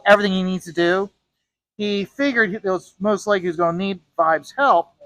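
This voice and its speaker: A man's voice: high-pitched, fairly bright tone, dry recording, rough recording. A man who is a comic artist, casually telling a story while he draws, rambling with frequent restarts and repeated words.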